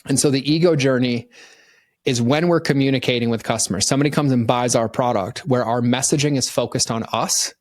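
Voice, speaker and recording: Animated storytelling man, dry close sound. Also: medium pitch, fairly quick, no echo. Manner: animated storyteller acting out customers in quoted voices. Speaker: podcast guest, marketing consultant. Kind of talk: conversational podcast interview.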